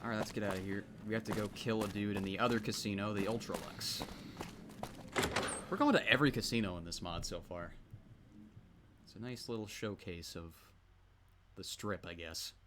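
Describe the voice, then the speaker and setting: A man's voice: on the low side, moderate pace, pauses often, crowd noise. Laid-back man streaming a game. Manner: joking, rambling commentary. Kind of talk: casual live-stream chat. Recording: noisy background.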